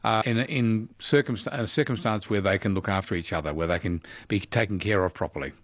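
A man's voice: on the low side, fairly quick, no echo. A man hosting a radio quiz and chatting easily with callers. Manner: chatty, easygoing, lively intonation.

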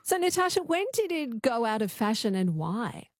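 A woman hosting a radio show, asking brisk, friendly questions. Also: a little high, sing-song, no room sound, clean studio sound. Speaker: radio host.

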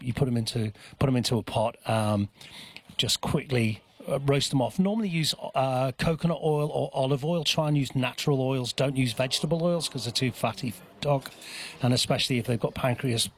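A man, a guest chef talking casually on radio, hesitant with many restarts and fillers, at an outdoor event. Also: mid-range voice. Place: outdoor dog park.

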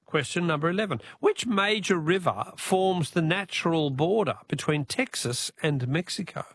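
A man with an Australian accent hosting a talkback radio quiz, friendly and unhurried, reading questions slowly to callers. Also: a little high, animated, dry recording.

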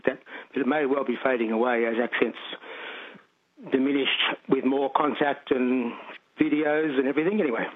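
A man's voice: mid-range voice, fairly even intonation, normal speed, husky. A middle-aged Australian man calling in to a radio show, talking in a chatty, hesitant, rambling way. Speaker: caller. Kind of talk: casual phone-in chat. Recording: tinny phone line.

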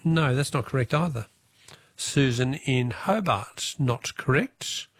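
A man with an Australian accent hosting a talkback radio quiz, brisk and friendly, reading questions and calling out listeners' answers. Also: mid-range voice, no echo.

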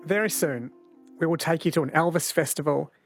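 A man's voice: on the high side, fairly quick, faint music behind. A man hosting a radio show in a friendly, chatty way, laughing easily with his guest. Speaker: radio host. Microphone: studio microphone.

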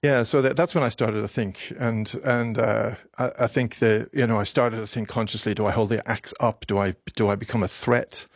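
A man in his fifties from Ireland, a doctor speaking haltingly in a radio interview, his voice catching with emotion. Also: fairly low pitch, steady tone, breathy edge, no echo, studio quality. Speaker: doctor and guest.

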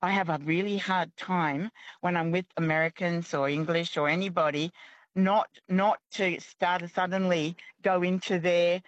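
A woman's voice: on the low side, steady tone, normal speed, no echo, dull audio. A woman with an Australian accent, calling in to a radio show, speaking chattily with frequent hesitations and restarts. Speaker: caller. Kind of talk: radio call-in chat.

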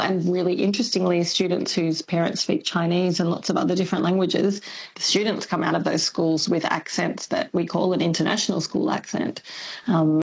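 A woman's voice: on the low side, vocal fry, husky, rough recording. A woman speaking as an expert guest on talkback radio, explaining thoughtfully with fillers and light laughs.

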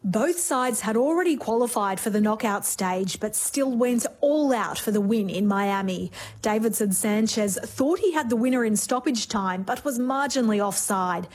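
A woman's voice: fairly high pitch, lively intonation, normal speed. A woman delivering a scripted sports news report.

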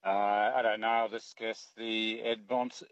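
A man's voice: lowish voice, little pitch movement, measured pace, no echo, lo-fi sound. A man from Brisbane calling into a radio quiz, hesitant and laughing, trailing off mid-thought. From Brisbane, Australia. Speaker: radio caller.

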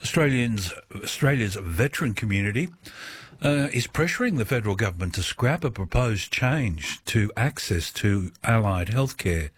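A man reading a radio news bulletin in a measured, steady way. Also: fairly low pitch, slightly rough. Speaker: newsreader.

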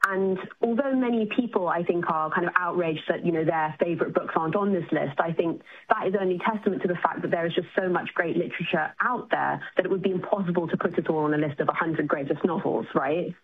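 Woman academic on the phone to a radio show, lowish husky voice, tinny phone line, thoughtful. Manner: thoughtful, measured, explanatory. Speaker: literature academic, radio guest. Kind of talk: radio interview over the phone.

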